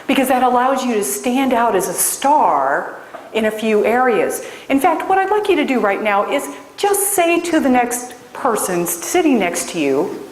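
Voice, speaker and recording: A woman's voice: on the high side, big pitch swings, normal speed, slight background noise. A woman career coach from Des Moines giving a keynote speech, telling stories and addressing the audience emphatically. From Des Moines, Iowa. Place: large hall before an audience. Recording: roomy hall with long echo.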